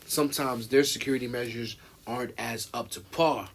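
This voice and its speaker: A man's voice: mid-range voice, steady tone, normal speed, creaky, breathy edge. A young American man co-hosting a podcast, talking loosely with slang, fillers and restarts. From United States. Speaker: podcast co-host. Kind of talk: casual podcast chat.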